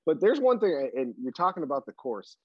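Male podcast co-host, measured casual talk, dry and slightly dull recording. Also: a little high, very animated, husky, no echo. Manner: measured, reasoning out his opinion. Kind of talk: casual chat.

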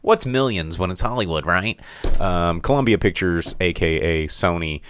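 Deep-voiced man hosting a chatty podcast. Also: moderate pace, a bit bright, a little hiss or hum. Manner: runs down figures with frequent self-corrections and fillers. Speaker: podcast co-host. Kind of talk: casual chat.

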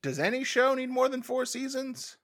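A man co-hosting a podcast, telling rambling deadpan stories and admitting he is worn out. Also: extremely high pitch, moderate pace, gravelly, dry recording, clean studio sound. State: tired, yawning. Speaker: podcast co-host. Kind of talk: casual podcast banter.

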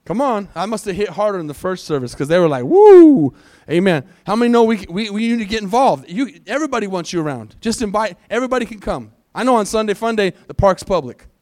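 A male pastor preaching a sermon to his congregation, energetic, asking the crowd questions and slowing down to read scripture. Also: sits high. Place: church sanctuary.

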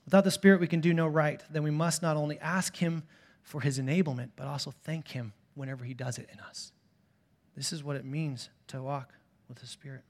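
A man in his thirties, a pastor preaching a sermon in a church, telling stories with swings from quiet asides to loud bursts. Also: fairly high pitch, steady tone, a little fast. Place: church sanctuary.

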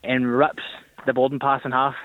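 A man's voice: mid-range voice, completely flat delivery, moderate pace. A young man calling in to a radio show, telling a story animatedly and acting out the voices in it. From Northern Ireland. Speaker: caller. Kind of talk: phone-in storytelling. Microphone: phone. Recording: tinny phone line.

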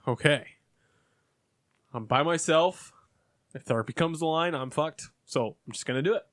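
A man's voice: moderate pace, dry recording, studio quality. A man telling a work story in casual podcast chat, swearing often and mimicking customers. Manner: animated, swears a lot, mimics customers in high voices. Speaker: podcast co-host.

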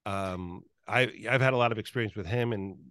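Host guy, kinda low voice, lots of ums and stumbles, dry sound. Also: fairly bright tone, smooth, dry recording. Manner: halting, hesitant, with many fillers and repeated words. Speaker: interview host. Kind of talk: casual interview chat.

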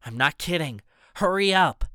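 A man playing a helpful young galley worker, casual and pressed for time, his voice a touch high. The tone is smooth and the audiobook recording is dry. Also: animated, pushed and bright, no room sound. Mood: hurried. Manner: casual and hurried.

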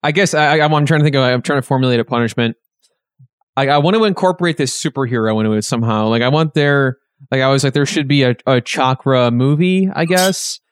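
A man hosting a casual podcast, steering the talk and pressing the others with questions. His voice is at a middle pitch. The sound is dry and close-miked. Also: fast, no room sound. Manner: leads the discussion, asks questions. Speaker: podcast host. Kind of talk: casual chat.

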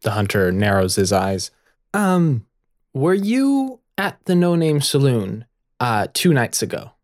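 A man narrating a tabletop game as game master, lively and quick to laugh. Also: mid-range voice.

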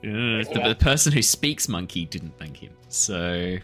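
A man's voice: low-pitched, sing-song, unhurried, fairly bright tone, soft background music. A man running a tabletop game as game master, hesitant and full of fillers.

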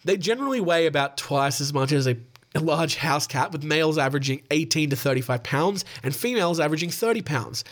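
A man's voice: on the high side, animated, a little fast. A young Australian man hosting a podcast, reading news stories with sweary, laughing asides and sounding tired. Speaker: podcast host.

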